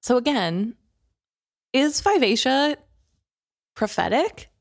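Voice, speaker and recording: A woman's voice: high voice, very animated, takes it slowly, creaky, no echo, studio quality. A woman co-hosting a book podcast, chatting casually and asking curious questions. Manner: curious, asks questions, playful. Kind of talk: casual chat.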